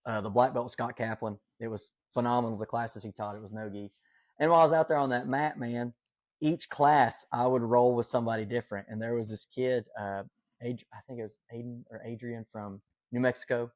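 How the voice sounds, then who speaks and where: A man's voice: mid-range voice, fairly even intonation, fairly quick, dry recording. A man with a Southern Appalachian accent, telling stories as a podcast guest in an enthusiastic, folksy way. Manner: enthusiastic, folksy, lots of fillers. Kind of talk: casual storytelling chat.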